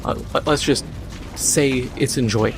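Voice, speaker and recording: A man's voice: medium pitch, a little slow, vocal fry, soft background music. A man hosting a gaming video, chatting casually and sarcastically ranting while he plays.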